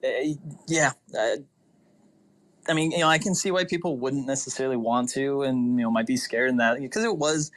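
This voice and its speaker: A man speaking in a casual online chat, hesitant and halting, with many fillers and restarts. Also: medium pitch, a bit bright. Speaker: guest.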